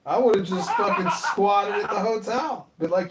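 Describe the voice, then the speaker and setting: A man's voice: high voice, measured pace. Joking man in an echoey room. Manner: crude, joking, laughs a lot. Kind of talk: casual phone chat. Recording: echoey room with faint noise.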